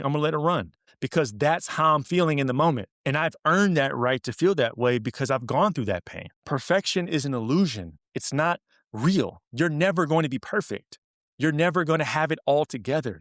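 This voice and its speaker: A man's voice: mid-range voice, no echo. Middle-aged guy talking straight at you about grief, earnest, hammers points home by repeating them, dry close sound. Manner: earnest, direct, repeats phrases for emphasis. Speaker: podcast host. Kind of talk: reflective motivational talk.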